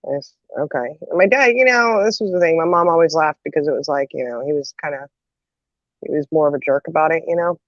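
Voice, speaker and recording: Sitting low in pitch and speaking quickly, this female host shares an amusing family story in casual talk. She acts out the quotes with lots of laughter and animation. The lo-fi recording is dull and has no echo.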